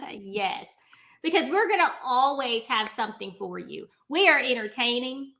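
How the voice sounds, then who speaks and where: A woman's voice: sits high, lively intonation, a little slow, creaky, sharp tone. A woman, hosting a casual chat, playful and emphatic, often laughing at herself. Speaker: host.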